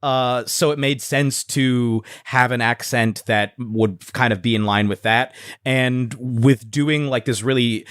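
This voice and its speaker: A man's voice: mid-range voice, fairly even intonation, fairly bright tone, smooth, no echo, clean studio sound. A man chatting on a podcast, rambling with restarts and fillers. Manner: rambling, halting. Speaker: podcast guest, player. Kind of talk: casual chat.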